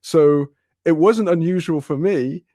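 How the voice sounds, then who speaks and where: A man's voice: on the high side, a little slow, warm tone, no room sound, clean studio sound. A man telling a long casual story on a podcast, rambling, swearing and laughing often. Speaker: podcast host.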